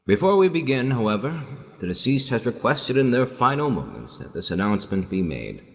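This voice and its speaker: A man officiating at a funeral in a solemn, measured way, making a formal announcement. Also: mid-range voice, very animated. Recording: long hall reverb.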